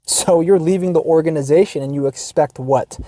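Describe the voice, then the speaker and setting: A man's voice: fairly high pitch, brisk, warm tone, no echo, studio quality. A man hosting a podcast in a casual monologue, wry and profane, with frequent restarts and quote-unquote asides, speaking with an American accent. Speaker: podcast host. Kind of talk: casual monologue reading a forum post.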